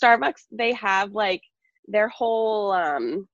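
A woman in casual conversation, telling an animated story full of fillers and laughs. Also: mid-range voice, slow, no echo, highs cut off. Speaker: podcast co-host, former barista. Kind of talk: casual chat.

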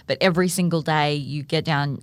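A woman's voice: sits low, fairly even intonation, brisk, dry recording. A woman co-hosting a podcast, explaining things in a rambling, casual chat. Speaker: podcast co-host.

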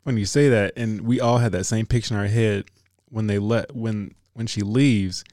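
A man's voice: fairly low pitch, steady tone, normal speed, a little mellow, no echo, clean studio sound. A man in a casual group chat, playful and joking, sometimes drawing out his words.

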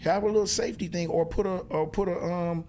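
A man's voice: high-pitched, steady tone, fast talker, crowd noise. A man in his fifties, a former basketball player and guest, talking bluntly in a casual chat, full of profanity and "you know what I'm saying". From Oakland, California.

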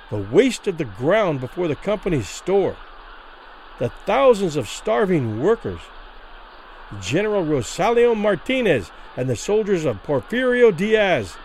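A male storyteller giving a vivid dramatic reading of a classic tale. His voice rides rather high and moves a great deal in pitch, rising and falling with the action. Faint noise sits underneath. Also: rough recording. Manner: vivid, expressive narration. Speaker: narrator.

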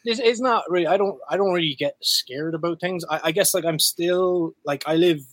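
A man's voice: on the high side, moderate pace, fairly bright tone, dry recording. A young Irish man, a guest musician, chatting casually, rambling, laughing often and swearing freely. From Ireland. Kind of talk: casual chat.

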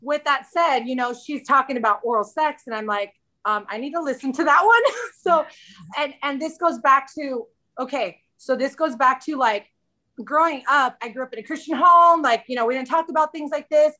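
A woman's voice: sits high, normal speed, pushed and bright. A woman in her thirties, a podcast guest in casual chat, candid and chatty, often quoting herself.

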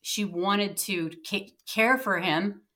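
A woman's voice: mid-range voice, slow, sharp tone. A woman co-hosting a podcast, talking things through thoughtfully in casual chat with hesitant restarts. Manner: thoughtful, hesitant, many fillers. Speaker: podcast co-host.

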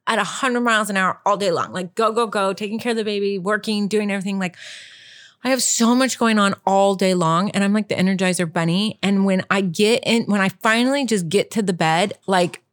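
A woman in her thirties co-hosting a podcast, chatting and laughing easily in casual banter with her partner. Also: mid-range voice. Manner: giggly, chatty, quick to laugh along. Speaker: podcast co-host.

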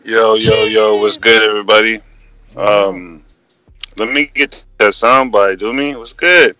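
A man calling in to give his opinion, halting and full of fillers. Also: on the low side, steady tone, over music, rough recording. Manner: hesitant with many fillers. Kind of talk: casual call-in opinion.

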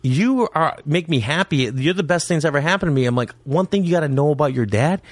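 A man's voice: on the high side, brisk, no room sound. A man who is a comedian guest on a podcast, chatting casually and acting out the scenes in his stories. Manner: animated storyteller who acts out scenes. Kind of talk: casual chat. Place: home man cave.

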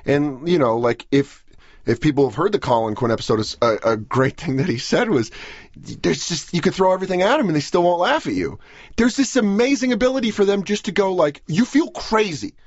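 A young man, a comedian guest, talking in a rambling, self-deprecating, animated way on a podcast. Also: fairly high pitch, brisk, no echo, muffled recording. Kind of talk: casual podcast conversation.

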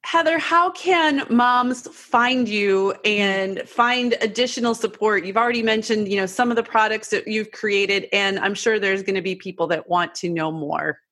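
A woman's voice: medium pitch, moderate pace, few pauses, a bit bright. Upbeat woman podcast co-host. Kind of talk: casual interview talk. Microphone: video call.

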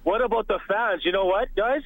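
Man, call-in listener, slightly higher voice, chatty, laughing, rambling. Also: fairly quick, phone-quality sound. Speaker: caller. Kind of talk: phone-in chat.

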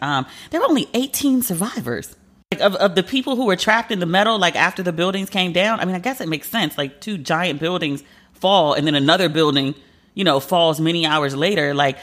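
A woman with a low, slightly bright voice hosts a casual solo podcast. She retells a story in a chatty, emotional way, filling it with lots of fillers.

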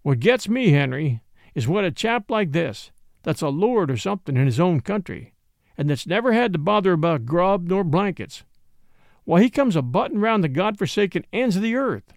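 A man voicing a gloomy, superstitious frontier dog-driver who talks in a slow, grave backwoods drawl. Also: sits high, big pitch swings, creaky, dry recording, clean studio sound, full character voice. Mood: brooding.

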